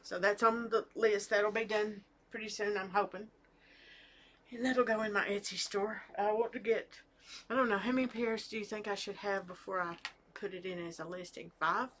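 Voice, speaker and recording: A woman's voice: mid-range voice, steady tone, normal speed, fairly bright tone. Chatty middle-aged woman knitting at home. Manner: chatty, hesitant, with fillers and restarts. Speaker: knitting vlogger. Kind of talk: casual chat to camera. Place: home with family talking in the background.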